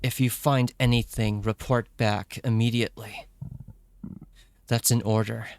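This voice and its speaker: Curt commanding masked leader, read by a man, slow and measured, smooth voice, faint music behind. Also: mid-range voice, level tone, natural voice. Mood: stern. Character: stern masked male leader giving orders.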